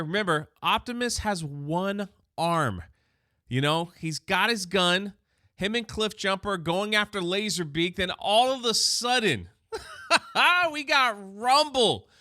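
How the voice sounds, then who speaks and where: A man hosting a comic book channel, recapping an issue in a chatty, excited way and often restarting his words. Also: high-pitched, smooth, dry recording, studio quality.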